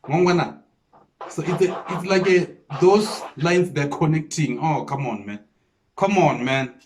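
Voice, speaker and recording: A South African man reacting to a freestyle, explaining the lyrics line by line and repeating himself with excited disbelief. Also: fairly high pitch, unhurried. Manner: repeats 'come on, man' with disbelief. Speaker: music reaction host. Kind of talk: casual reaction commentary.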